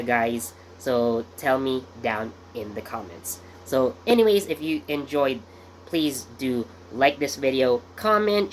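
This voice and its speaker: A male channel host chatting through a casual commentary video at an unhurried pace. He rambles, fills pauses with little hesitations and keeps correcting himself mid-thought. A faint hiss sits underneath the voice. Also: a little high. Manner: rambling, many fillers and self-corrections.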